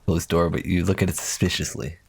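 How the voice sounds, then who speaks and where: A man's voice: low voice, little pitch movement, brisk, vocal fry, a little hiss or hum. A young man livestreaming a game, reading its text aloud with playful, profane asides. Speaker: streamer. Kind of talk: casual gaming commentary.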